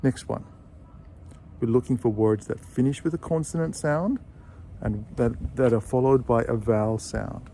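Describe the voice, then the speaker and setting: A man gives an English pronunciation lesson at a mid pitch, patient and steady. He says example phrases slowly and repeats them. A faint background hiss sits under his voice. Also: creaky. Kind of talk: video lesson. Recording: faint background noise with birdsong.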